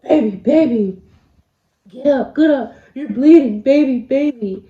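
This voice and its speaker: A woman's voice: medium pitch, moderate pace, lightly acted. A woman voicing a panicked adult man pleading and begging, quoted in a casual vlog, in a roomy recording. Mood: urgent. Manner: begging, repeating "baby". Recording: roomy, slightly dull home recording.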